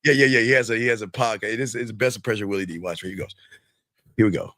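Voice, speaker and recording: A man hosting a casual reaction podcast, ranting in a loud, crude and animated way. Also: lowish voice, very fast, noisy background. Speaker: podcast host.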